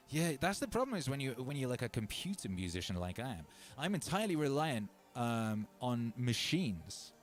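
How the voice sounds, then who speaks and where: Man, livestream host, casual chat, rambling, self-mocking, mid-range pitch, reads viewer comments aloud, faint background music. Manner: rambling and self-mocking, with frequent fillers and restarts; talks straight to viewers as brothers and sisters.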